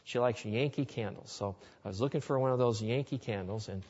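A Christian speaker with a medium-pitched, darkish voice and a breathy edge talks briskly, sharing personal stories in an earnest, folksy way during a sermon to a live audience. The recording is dull and lo-fi, made in a reverberant hall.

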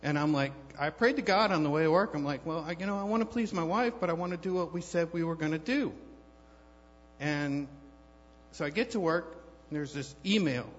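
A man's voice: a little high, fairly quick. A man giving a personal testimony at church, telling his story in a rambling, conversational way with many fillers and restarts. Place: church hall. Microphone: handheld microphone held too far off. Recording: long hall reverb, dull lo-fi sound.

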